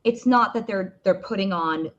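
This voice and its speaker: A woman voice actor talking casually in an interview, chatty with many fillers and restarts, with a slightly rough morning voice. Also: mid-range voice, normal speed, highs cut off. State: morning voice, clearing throat. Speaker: voice actor guest.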